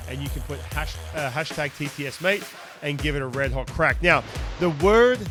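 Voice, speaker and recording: A man with an Australian accent hosting a casual podcast interview in a studio, chatty and quick to laugh. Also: on the high side. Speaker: podcast host.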